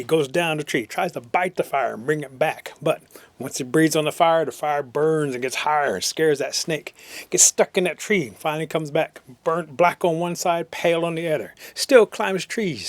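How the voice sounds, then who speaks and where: A man from the Cherokee Nation in Oklahoma telling a traditional tale in a rhythmic way, slowing down for emphasis. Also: fairly high pitch, no room sound. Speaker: traditional storyteller. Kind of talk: oral storytelling.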